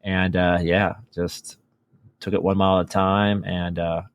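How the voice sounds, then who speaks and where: A man's voice: deep voice, level tone, a little slow, clear, resonant tone, no room sound. A man chatting casually as a podcast guest, telling a running story with lots of fillers and restarts. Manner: enthusiastic storytelling with many fillers. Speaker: podcast guest, marathon runner. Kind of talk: casual chat.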